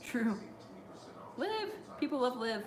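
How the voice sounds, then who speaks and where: A woman's voice: fairly high pitch, sing-song, takes it slowly, crowd noise. A young woman hosting a casual live watch-along stream, chatty and giggly as she reads viewer chat aloud. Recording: roomy echo.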